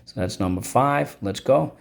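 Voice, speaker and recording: A male teacher leads a vocabulary lesson, saying each word aloud and having the class repeat it. He prompts the students and marks up the spelling as he goes. His voice sits at a middling pitch. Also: lively intonation, unhurried, vocal fry. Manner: drills words aloud, repeating each one.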